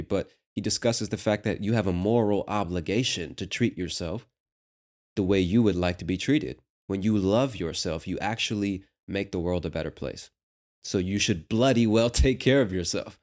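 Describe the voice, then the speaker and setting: Deep-voiced American man explaining patiently. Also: a little mellow. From United States. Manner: slow, patient explanations with casual asides. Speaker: host. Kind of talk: explaining a clip for learners.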